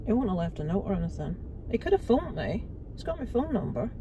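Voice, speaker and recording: A woman's voice: mid-range voice, big pitch swings, fast talker, recorded from a distance. Northern Irish woman, middle-aged, blunt and exasperated vlog chat, heavy street noise behind. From Northern Ireland. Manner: frank, exasperated, swears freely. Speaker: vlogger.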